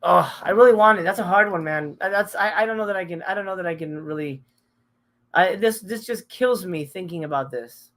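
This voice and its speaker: Middle-aged male streamer, casual and cursing, emotional and halting as he reacts to chat. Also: sits high, fairly bright tone. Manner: candid and emotional, swears often, trails off and restarts. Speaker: live stream host. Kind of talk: casual live-stream chat, reading viewer comments.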